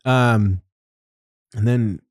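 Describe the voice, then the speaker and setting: A man's voice: medium pitch, drawn-out words. A man hosting a podcast in casual chat, telling a story with lots of laughter. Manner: animated storytelling, laughing often. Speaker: podcast host.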